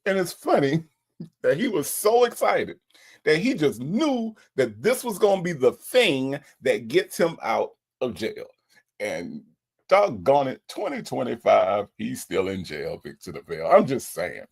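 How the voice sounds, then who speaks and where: Lively man hosting a livestream chat. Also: medium pitch, unhurried, creaky, slightly rough. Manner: animated, lively, playful with repeated greetings. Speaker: livestream host. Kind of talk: casual livestream chat reading comments.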